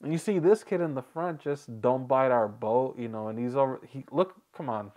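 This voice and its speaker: A man's voice: medium pitch, expressive, fairly quick, dark tone. A man hosting a reaction video, chatting casually, rambling and joking with frequent laughs.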